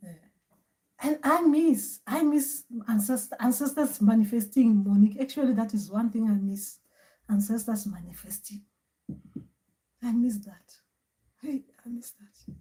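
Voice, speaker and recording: A woman hosting a spiritual advice session, with a fairly high voice and an unhurried pace. She talks casually and rambles, repeating herself often with many fillers. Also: warm tone. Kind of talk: casual livestream talk.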